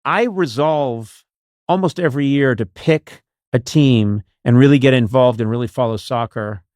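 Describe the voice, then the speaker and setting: A man hosting a podcast in casual chat, deadpan and self-mocking, in a studio. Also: mid-range voice, normal speed, dry recording. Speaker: podcast host.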